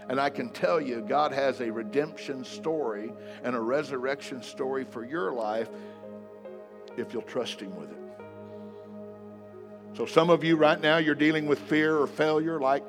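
A man preaching a sermon to a congregation in a church hall, emphatic, swinging between loud declarations and soft asides. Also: mid-range voice. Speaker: pastor. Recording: long hall reverb, faint music behind.

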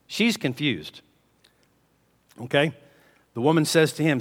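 A man preaching a sermon, telling the story with animated swings between loud emphasis and hushed delivery. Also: mid-range voice, a little slow, pauses often. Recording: long reverb of a large hall.

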